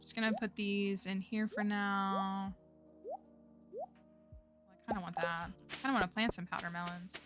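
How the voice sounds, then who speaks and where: A woman's voice: medium pitch, fairly even intonation, moderate pace, pauses often, over music. A woman streaming a game, chatting casually as she plays, thinking aloud and talking to her viewers. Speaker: livestreamer. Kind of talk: casual gameplay commentary.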